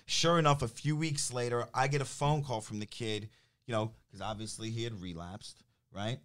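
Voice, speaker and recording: Worked-up storyteller, New Jersey accent. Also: male voice, medium pitch, normal speed, a bit bright. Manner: acts out both sides of phone calls, gets worked up. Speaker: business development director. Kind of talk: animated storytelling in casual chat.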